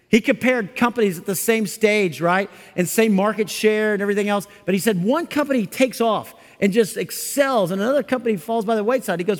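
Pastor, male, high-pitched, chatty and animated sermon delivery, hall echo. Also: fast. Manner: conversational and animated, acting out quotes. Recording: long hall reverb.

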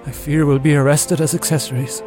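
A man's voice: on the high side, level tone, a little fast, music in the background, close to an everyday voice. A man playing an earnest detective who lays out his theory.

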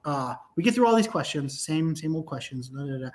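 A man's voice: on the high side, lively intonation, brisk. A man, a filmmaker guest on a talk show, telling stories in a profane, emphatic way with lots of restarts. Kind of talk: animated casual podcast conversation.

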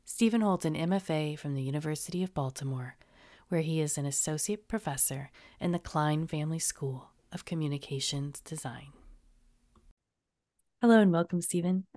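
A woman hosting a podcast interview, measured in her introductions and bursting with enthusiasm when something excites her. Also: low-pitched, no room sound, clean studio sound. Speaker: podcast host.

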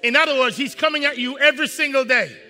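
A man preaching a sermon, reading scripture with the congregation and breaking off to explain it, often rising to shouts. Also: very high-pitched, quick pace, long reverb tail. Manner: preaching with call-and-response to the congregation. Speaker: pastor.

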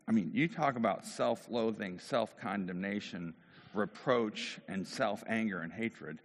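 In a long-reverb hall, a pastor tells a sermon story and performs the voices of the people in it. His voice is fairly low and fairly bright, and he speaks slowly.

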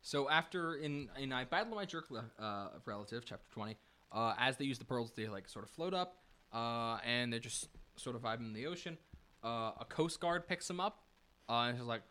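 A young man co-hosting a casual book podcast, recapping plot in a halting way with many fillers. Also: mid-range voice, expressive, sharp tone. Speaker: podcast co-host.

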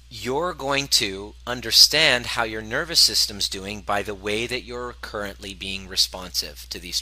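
A man's voice: fairly low pitch, bright, forceful tone, low-quality recording. A man coaching a live audience, earnest and self-reflective, sometimes acting out the voices in his head.

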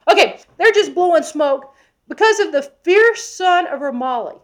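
An expressive, high-voiced woman preacher delivers an expository sermon from the Bible at normal speed. Her emphatic style includes frequent questions to the audience, and her delivery moves between forceful loud sections and hushed asides.

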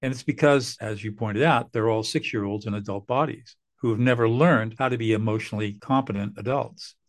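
A man's voice: on the low side, brisk. Earnest older man explaining. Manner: earnest, explanatory, acts out parents and bosses. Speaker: mediator guest. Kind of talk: podcast interview.

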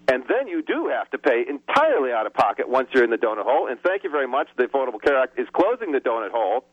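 Male radio caller, fairly high voice, lively and indignant, muffled phone line. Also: no room sound. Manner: animated, indignant ranting. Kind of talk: phone-in chat. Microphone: telephone.

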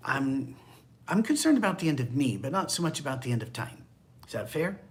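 An older man preaching a conversational sermon, candid and wry, dropping into hushed asides. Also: medium pitch, sing-song, a little fast. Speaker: pastor.

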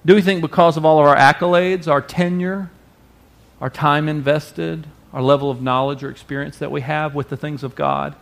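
A man preaching a sermon as pastor, expressive, now and then acting out voices. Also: fairly high pitch, normal speed, gravelly. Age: adult parent. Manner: expressive preacher, acts out quoted voices loudly.

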